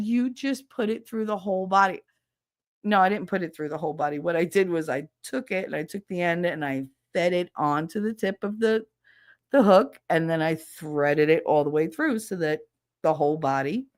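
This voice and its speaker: Middle-aged woman, stream host, lively profane storytelling, lower voice, dry sound. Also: moderate pace, no echo. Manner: animated, profane, mimics others in squeals. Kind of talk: casual storytelling.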